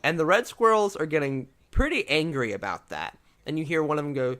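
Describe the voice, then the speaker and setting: A man's voice: on the high side, sing-song, a little fast, few pauses, a bit bright. A man narrating a tabletop game as game master, casual and loose.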